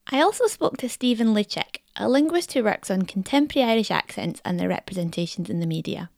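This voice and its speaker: A woman's voice: medium pitch, animated, fast talker, vocal fry, a little mellow, no room sound, clean studio sound. A woman presenting a feature in scripted narration, with a wry delivery.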